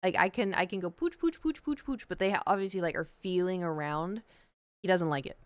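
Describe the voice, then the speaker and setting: A woman's voice: on the low side, brisk, clean tone, no room sound. A woman streamer telling a story in casual chat, rambling with lots of fillers.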